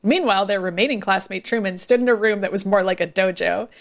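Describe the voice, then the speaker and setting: A woman's voice: mid-range voice, fast talker. A woman co-hosting a podcast, reading a comic fan story aloud in a playful, giggly storytelling way. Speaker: podcast co-host. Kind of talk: comedic fan-fiction reading.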